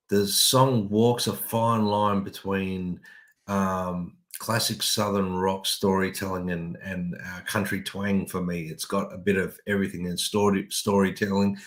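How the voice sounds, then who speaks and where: A man with a very low, flat voice reviews an album on a video call. He speaks in a steady, measured, descriptive way. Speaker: podcast co-host. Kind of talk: casual music review chat.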